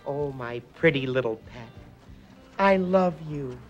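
An actor playing a clumsy, overexcited salesman who acts out his stories with squeals, shouts and sound effects. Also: medium pitch, lively intonation, measured pace, highs cut off, soft background music, close to an everyday voice. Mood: eager. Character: clumsy overexcited male salesman, wild storyteller. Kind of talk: comic film monologue.

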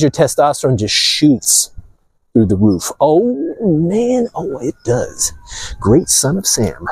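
Husky-voiced man ranting outdoors. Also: on the high side, no room sound, low-quality recording. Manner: animated, preachy, addresses viewers as gentlemen. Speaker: vlogger. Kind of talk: casual outdoor rant to camera. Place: outdoors near the ocean.

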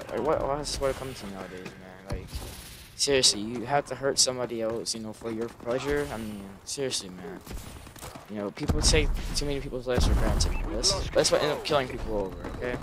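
A man's voice: mid-range voice, fairly quick, background noise. A young man giving casual, rambling commentary over gameplay, subdued and swearing a lot. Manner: rambling, subdued, heavy swearing, lots of fillers. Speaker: gaming YouTuber. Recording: gunfire from gameplay behind voice. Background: video game gunfire.

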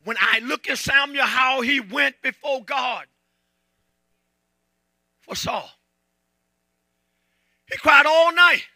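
High-voiced preacher shouting in church. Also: male voice, no echo. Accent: Southern American. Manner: preaching with call-and-response, shouting and half-singing. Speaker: pastor. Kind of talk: sermon. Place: church sanctuary.

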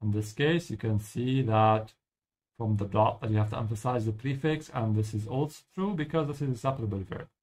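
A man hosting a live-streamed lesson, explaining German pronunciation slowly and switching between English and German. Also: mid-range voice, a little mellow. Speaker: language teacher and stream host.

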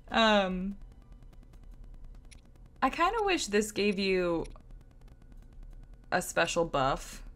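A woman's voice: mid-range voice, sing-song, very slow, long pauses, fairly bright tone. A young woman with a Southern US accent, chatting and giggling casually while streaming a game. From Southern United States. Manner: chatty and giggly, lots of "like" fillers. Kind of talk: casual gameplay commentary.

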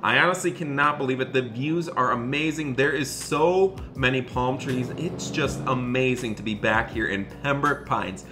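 A man playing a dad in an animated game roleplay, excitable and often scolding his son. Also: medium pitch, moderate pace, hardly any pauses, music in the background.

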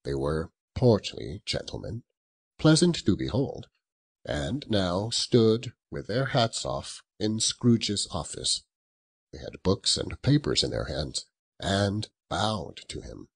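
A man narrating a storybook in a slow, expressive, chuckling way. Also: sits low, gravelly, husky. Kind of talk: audiobook narration.

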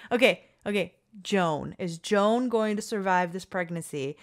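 A woman casually commentating her own gameplay, chatty and excitable, pleading with the dice and cooing at the characters. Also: mid-range voice, unhurried. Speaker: gaming channel host. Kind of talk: casual let's-play commentary.

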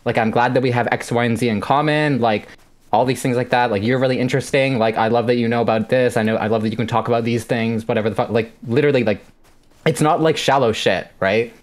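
A man in his late twenties calls in for relationship advice. He rambles and stammers, restarts often, and swears freely. His voice sits at an ordinary middle pitch. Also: quick pace. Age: 20s. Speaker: caller. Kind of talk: call-in on a stream.

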